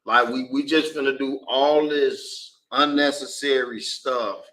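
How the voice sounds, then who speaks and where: A man's voice: medium pitch, fairly even intonation, unhurried, pushed and bright, distant mic, poor audio. A man in a class discussion, adding to the main speaker's point in a casual way. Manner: agreeing, building on the speaker's point. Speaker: class participant.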